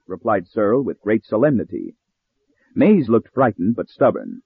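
A man narrating a story in an audiobook style with steady, expressive reading, recorded with narrow phone-like sound. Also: on the low side, moderate pace, husky, no echo.

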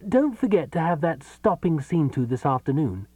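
A man's voice: on the high side, very animated, moderate pace, darkish tone, no room sound, voice pushed up. A man voicing a tired, resigned man talking on the telephone in an audiobook reading. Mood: weary. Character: weary man on the phone with himself.

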